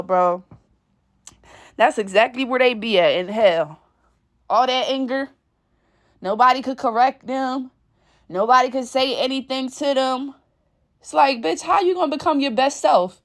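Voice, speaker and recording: A woman vlogger ranting to camera in a blunt, profane, exasperated way. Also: high-pitched. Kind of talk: casual rant to camera.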